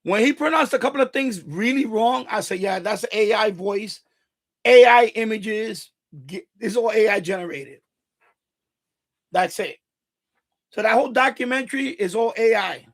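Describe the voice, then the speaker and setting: A man from Puerto Rico hosts a live stream and talks casually at a desk mic. His voice sits high for a man, with a gravelly edge running through it. He gets animated and profane, piling up restarts and swearing as he goes. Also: normal speed. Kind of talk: casual chat.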